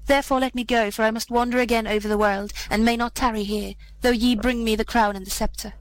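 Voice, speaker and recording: A woman's voice: a little high, fairly even intonation, fast talker, a little hiss or hum, close to an everyday voice, poor audio. A woman voicing an earnest, humbled young prince in a fairy tale, speaking in old-fashioned, sorrowful words. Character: humbled young prince, once proud boy.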